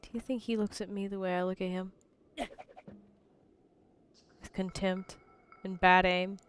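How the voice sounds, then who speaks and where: A woman's voice: mid-range voice, little pitch movement, fairly quick, a little hiss or hum. A woman streaming a video game, giving goofy, playful running commentary and swearing casually.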